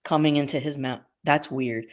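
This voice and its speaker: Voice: mid-range voice, fairly even intonation, moderate pace. A guest in a casual group chat, musing aloud and chuckling often.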